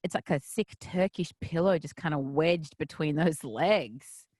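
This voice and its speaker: A woman's voice: low-pitched, a little slow, darkish tone, no echo. A bubbly, teasing woman hosting a casual radio interview from a studio. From Australia. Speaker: radio host. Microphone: headphones and studio mic.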